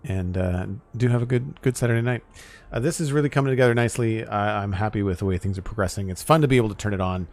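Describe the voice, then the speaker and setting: A man chatting casually while streaming a building game, relaxed and rambling with frequent ums and uhs. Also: fairly low pitch, quick pace. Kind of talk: casual live-stream chat.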